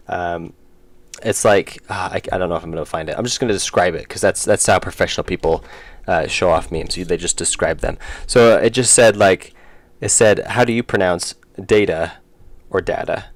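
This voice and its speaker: Low-voiced man rambling on a dev stream. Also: no echo. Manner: rambling, self-interrupting, chuckling. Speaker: indie game developer streaming. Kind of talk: casual live-stream chat while coding.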